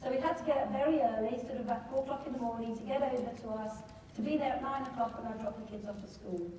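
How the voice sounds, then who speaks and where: A middle-aged woman tells a motivational story to a hall full of people and keeps asking them questions. Her voice sits a little high and sounds mellow. She is heard from far off in a big echoey hall. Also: fast talker, slight background noise. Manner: lively storyteller who asks the audience questions. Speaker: speaker at a business training event. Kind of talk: motivational storytelling talk to a live audience. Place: large hall with a live audience.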